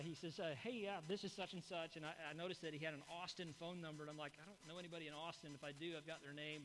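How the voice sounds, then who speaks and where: Folksy man preaching, bright and high. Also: slight background noise. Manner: folksy storytelling, addresses the congregation. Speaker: pastor. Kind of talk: sermon.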